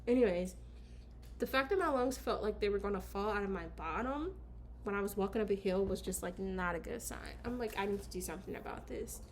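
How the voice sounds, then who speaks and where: A woman vlogger chatting casually to her camera at home, telling a story with slang and quick asides. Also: medium pitch, slight background noise. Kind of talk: casual story time chat.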